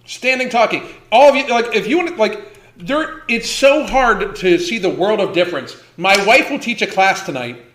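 With a high-pitched, expressive and slightly bright voice at normal speed, a man in his fifties hosts a livestream full of heated, profane ranting and emphatic repetition. The audio has a roomy sound.

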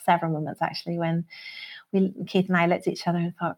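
A woman in her forties from Belfast with a Northern Irish accent, a singer-songwriter talking in a casual podcast interview, reflective and quick to laugh. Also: on the low side, little pitch movement. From Northern Ireland. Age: 40s. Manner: warm, reflective, laughs often.

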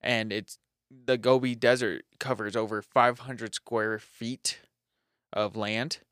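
A man's voice: lowish voice, steady tone, slow pace, a bit bright, clean tone, dry recording, clean studio sound. A young man co-hosting a casual podcast, reading facts aloud in a laid-back way, swearing and laughing as he goes. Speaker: podcast co-host.

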